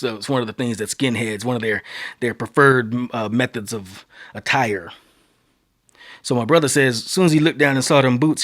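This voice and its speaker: A man from Texas in his thirties tells a long tale on his podcast in a loose, conversational way. He drifts and circles back, then his voice rises and speeds up as the action builds. His pitch sits in an ordinary middle range for a man. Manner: animated storyteller, voice climbs when excited. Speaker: podcast host. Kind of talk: casual storytelling monologue.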